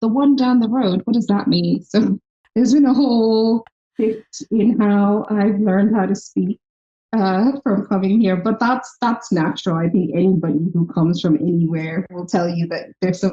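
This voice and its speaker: A woman with a softened Irish accent, telling stories earnestly as a podcast guest. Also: lowish voice, moderate pace, muffled recording. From Ireland. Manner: earnest storytelling, lively quoted voices. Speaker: guest, health tech founder. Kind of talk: podcast interview.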